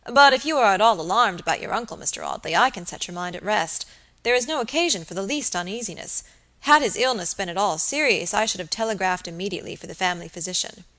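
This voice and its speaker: A proper village surgeon, voiced by a woman reading aloud in a Victorian audiobook. He speaks formally and stiffly, pitched in the middle range. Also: expressive, quick pace, bright, forceful tone. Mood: formal, indignant. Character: respectable older male village surgeon, proper and indignant.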